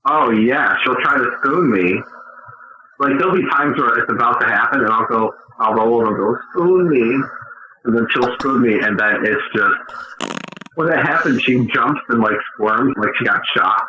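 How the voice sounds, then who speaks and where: A male podcast co-host spins rambling, profane anecdotes in loose banter and laughs through many of them. His pitch sits mid-range. The recording is muffled and lo-fi, with a noisy background. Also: moderate pace, roomy sound. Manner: profane, rambling storyteller who often laughs. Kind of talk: casual banter. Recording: dull lo-fi sound with noise.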